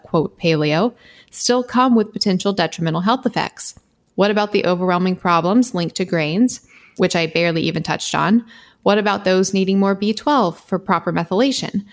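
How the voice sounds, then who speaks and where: A woman with a fairly low voice talks on a podcast. She reads her own writing aloud, earnest and impassioned, laughing lightly now and then. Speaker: podcast co-host. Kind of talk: casual podcast chat, reading her own blog post aloud.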